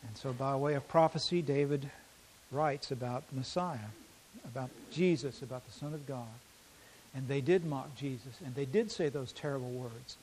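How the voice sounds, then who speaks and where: A man preaching a sermon, reading scripture aloud slowly and swinging between loud emphasis and quiet intensity. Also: mid-range voice, a little hiss or hum, low-quality recording. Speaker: pastor.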